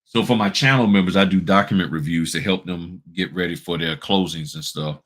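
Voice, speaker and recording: A man with a low-pitched voice hosts a casual talk on running a notary business. He speaks bluntly and colloquially, pressing his listeners with rhetorical questions as he walks them through his site. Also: fairly quick, fairly bright tone. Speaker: notary business channel host. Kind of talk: casual advice talk with screen walkthrough.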